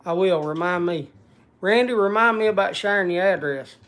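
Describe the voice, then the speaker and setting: A man's voice: sits high, normal speed, a bit bright. A man hosting a casual livestream from a log cabin, chatting and greeting viewers by name. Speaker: livestream host.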